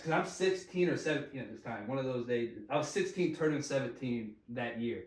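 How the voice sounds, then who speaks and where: A man's voice: mid-range voice, animated, fairly quick, distant mic. A man casually telling a long story, laughing often and swearing freely in slangy talk. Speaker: podcast guest telling a story. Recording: echoey room, voice a bit off-mic.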